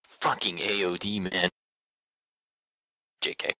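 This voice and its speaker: Deep, forceful, blunt-talking man. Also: level tone, slow pace, no room sound, low-quality recording. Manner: blunt, profane and joking. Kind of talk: game voice chat.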